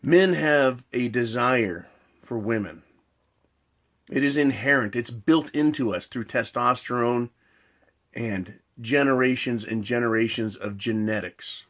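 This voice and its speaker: A man's voice: medium pitch, unhurried, fairly bright tone. A man ranting in a monologue. He swears a lot, repeats his points, builds long analogies and keeps asking "right?". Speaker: commentator.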